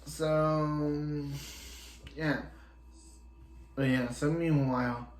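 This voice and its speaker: A man's voice: on the high side, steady tone, drawn-out words, echoey room. A man casually recapping and reviewing a TV episode, rambling and opinionated, with lots of restarts. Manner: rambling, chatty, leans on "he's like" and restarts; openly opinionated and exasperated about a character.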